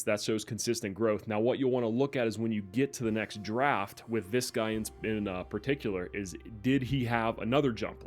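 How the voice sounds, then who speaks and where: A young man giving relaxed, chatty gameplay commentary as a gaming YouTuber, with plenty of fillers. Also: mid-range voice.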